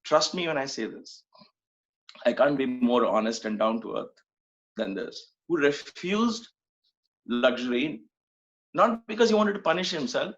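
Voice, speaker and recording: A middle-aged spiritual speaker from Mumbai, India, delivers an earnest devotional talk packed with repetition and rhetorical questions. His mid-range voice is animated and a bit bright, moving a little slowly with long pauses. The recording sounds dull and lo-fi.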